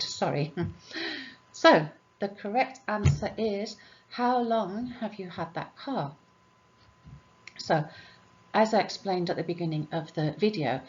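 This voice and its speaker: A woman's voice: mid-range voice, muffled recording, a little hiss or hum. A woman English teacher going through grammar exercises, patiently asking questions and answering them herself. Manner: patient, asks and answers her own questions.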